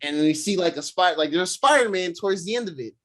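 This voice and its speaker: Podcast co-host, man, casual and excitable, acts out quotes. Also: high voice, quick pace. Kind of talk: casual chat recapping a movie.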